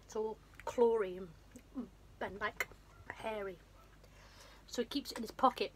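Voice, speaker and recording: A vlogger with a runny nose casually retells a film's plot, rambling and poking fun at herself. Her mid-range voice is fairly even and bright, a little slow, with a faint hiss or hum in the recording.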